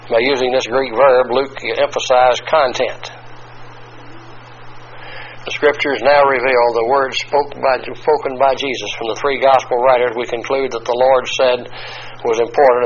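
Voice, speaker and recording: A male preacher giving an expository Bible teaching sermon, talking deliberately and spelling out Greek words letter by letter. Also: mid-range voice. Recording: dull lo-fi recording with faint hiss.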